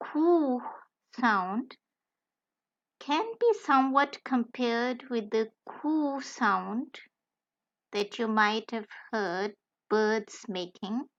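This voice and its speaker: A woman narrating a beginner language tutorial, careful and deliberate, spelling out letters one by one. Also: a little high, lo-fi sound. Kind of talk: slow scripted tutorial narration.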